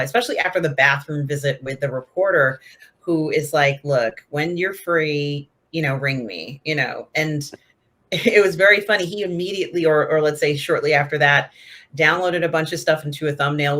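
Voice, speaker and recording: A woman's voice: deep voice, a bit bright. A woman co-hosting a casual show, chatting about a TV episode and retelling scenes. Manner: chatty, retells scenes with quoted lines and laughter. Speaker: co-host reviewing a TV episode. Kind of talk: casual chat.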